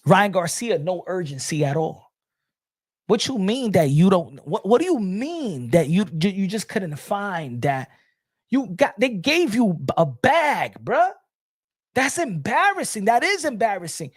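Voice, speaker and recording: A man's voice: high-pitched, very animated, unhurried, no echo, studio quality. A man giving a casual boxing opinion rant, blunt, profane and mocking. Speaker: boxing commentator.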